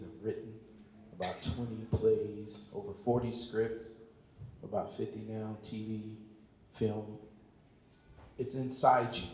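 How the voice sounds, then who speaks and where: A man, a filmmaker on a panel, speaking earnestly to a live audience and often pausing to search for words. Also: on the low side, darkish tone, a little hiss or hum. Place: large hall at a community event. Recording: very echoey hall.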